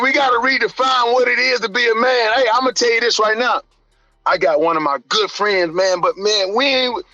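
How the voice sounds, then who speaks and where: A man, a strength coach who is a guest on a podcast, speaking passionately and emphatically, often rising almost to a shout. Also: very high voice, no echo, muffled recording. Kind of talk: candid podcast conversation.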